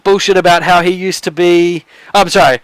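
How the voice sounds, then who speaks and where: High-voiced man as game master. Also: steady tone, brisk, clean tone, no room sound, poor audio. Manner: rambling, with frequent restarts and laughs. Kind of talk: narrating a tabletop game.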